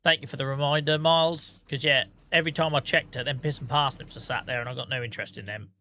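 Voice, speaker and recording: A man's voice: medium pitch, fairly even intonation, fast talker, sharp tone, a little hiss or hum. A tired man, chatting casually to viewers on a game livestream and telling rambling, sweary stories. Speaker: streamer.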